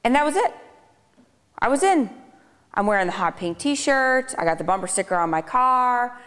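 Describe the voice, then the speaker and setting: A woman's voice: a little high, animated, moderate pace, fairly bright tone. A woman in her thirties giving a conversational personal testimony to a live audience, with dry sarcastic asides. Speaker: public speaker. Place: lecture hall on a speaking tour. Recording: reverberant hall sound.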